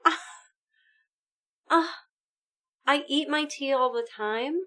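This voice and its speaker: A woman live streaming a video game, chatting casually with her viewers in an animated, exclamatory way. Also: sits high, slow. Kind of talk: casual gaming stream chat.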